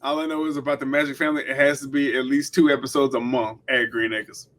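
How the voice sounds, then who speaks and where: A man's voice: mid-range voice, little pitch movement, fast talker, a bit bright. A young man co-hosting a podcast, telling funny stories in loose, swearing chat. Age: young adult. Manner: storytelling, laughing, casual swearing. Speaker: podcast co-host. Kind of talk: casual comedic chat.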